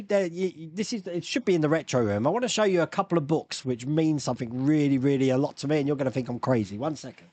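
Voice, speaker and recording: A man hosting a casual live stream, chatting loosely and answering viewers' questions with rambling asides and quick laughs. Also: fairly high pitch, darkish tone, no room sound. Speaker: YouTube live stream host.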